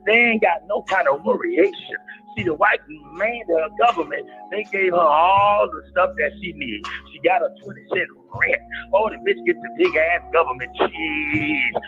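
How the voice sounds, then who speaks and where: A man's voice: high-pitched, moderate pace, narrow, tinny audio, soft background music, voice pushed down. A man voicing a crude, rambling male deacon who rants in a comedic sermon with a preacher cadence. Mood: ranting.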